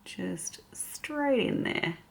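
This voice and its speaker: A woman's voice: mid-range voice, animated, very slow, vocal fry. An Australian woman chatting casually as a beauty vlogger while doing her makeup, giggling often. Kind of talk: casual get-ready-with-me chat.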